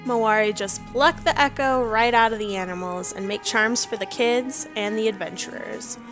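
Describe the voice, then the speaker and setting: Female troll witch doctor, read by a woman, plain read-aloud delivery, higher pitch, game music underneath. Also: moderate pace, close to an everyday voice. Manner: read aloud in her own plain voice, no accent.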